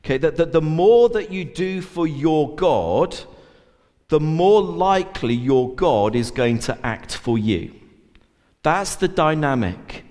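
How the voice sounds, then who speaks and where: Man preaching, earnest, lots of uh and repeats, slow delivery, long hall reverb. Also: fairly high pitch, animated, darkish tone. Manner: earnest, many uh fillers and repeated words. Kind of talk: sermon.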